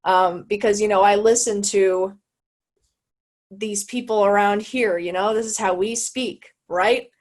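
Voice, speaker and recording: A woman's voice: medium pitch, steady tone. A young American woman talking on a video call, thinking aloud and hunting for the right words. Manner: searching for words, halting and thoughtful. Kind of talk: casual video call chat.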